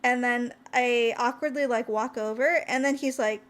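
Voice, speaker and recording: Bubbly high-voiced young woman telling a story. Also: normal speed. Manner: chatty, animated, acts out quoted lines with pitch jumps. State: tired. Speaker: VTuber streamer. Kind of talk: casual storytelling stream.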